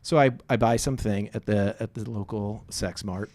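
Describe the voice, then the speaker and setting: A man's voice: lowish voice, steady tone, normal speed, darkish tone. Wry man telling a story. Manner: wry, self-deprecating storyteller. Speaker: podcast co-host. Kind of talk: casual comedic chat.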